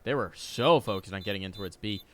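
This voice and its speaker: A man casting esports play-by-play, excitable and jokey with quick reactions. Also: fairly low pitch, a little hiss or hum. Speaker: esports caster. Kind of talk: play-by-play commentary. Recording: game gunfire audible behind.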